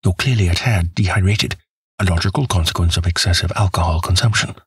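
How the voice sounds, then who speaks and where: Brief: male narrator doing a cool analytical detective, deep and husky, calm and teasing. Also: fast talker, dry recording. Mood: dry composure. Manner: calm, clinical, faintly teasing.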